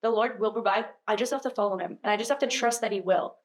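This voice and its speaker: A young woman guest on a podcast, chatting casually about her faith, full of "like" and quick laughs. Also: medium pitch. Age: young adult. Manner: chatty, lots of "like", laughs easily. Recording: echoey room.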